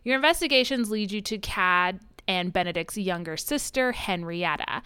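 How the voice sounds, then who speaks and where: A woman co-hosting a casual book podcast, recapping a novel with lively acted-out lines and laughter. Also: medium pitch, moderate pace, smooth, dry recording. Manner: animated retelling, acting out characters' lines with swearing and laughs. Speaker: podcast co-host. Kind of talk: casual book-club chat.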